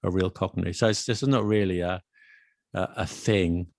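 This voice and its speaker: A man's voice: sits low, steady tone, moderate pace, creaky, a little mellow, no room sound, clean studio sound. A man co-hosting a podcast, explaining things with patient examples in casual chat. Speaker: podcast co-host. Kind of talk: casual chat about accents.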